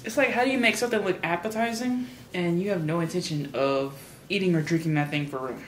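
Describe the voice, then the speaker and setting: A woman chatting casually to camera in her home kitchen, slangy and thinking out loud, now and then slipping into a put-on British accent. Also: fairly low pitch, fast talker, noisy background. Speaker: vlogger. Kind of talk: casual vlog chat.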